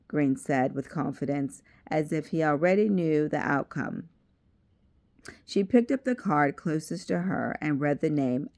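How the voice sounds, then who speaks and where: Low, gravelly woman reading aloud. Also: darkish tone. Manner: measured, with side remarks. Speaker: reader of a self-help book.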